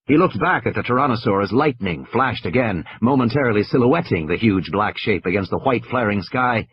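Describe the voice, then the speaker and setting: A man's voice: lowish voice, lively intonation, fairly quick, breathy edge, dull audio. A man narrating an audiobook with a tense, dramatic delivery.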